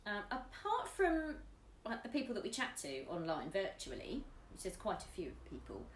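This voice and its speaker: A woman's voice: wildly swooping pitch, moderate pace, roomy sound, slight background noise. A woman, a YouTube vlogger, chatting casually and giggling as she answers tag questions with her partner. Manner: chatty and giggly, drifting up and down in pitch.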